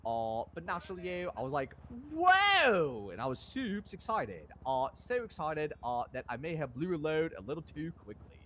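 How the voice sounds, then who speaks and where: A man's voice: a little high, animated, brisk, hardly any pauses, slight background noise. A young man telling a rambling, slangy story in character while role-playing on a stream.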